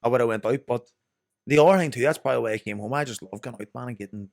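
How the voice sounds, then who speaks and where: A man's voice: medium pitch, very fast, gravelly, no room sound, clean studio sound. A young Northern Irish man telling rambling, sweary stories as a podcast guest. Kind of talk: casual chat.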